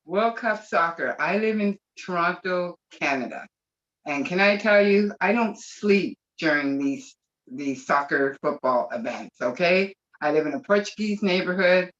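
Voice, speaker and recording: A woman's voice: on the low side, a bit bright. Webinar guest, woman, gushing and emotional; dull lo-fi call audio. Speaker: webinar participant. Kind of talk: emotional video-call testimony. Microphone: video call.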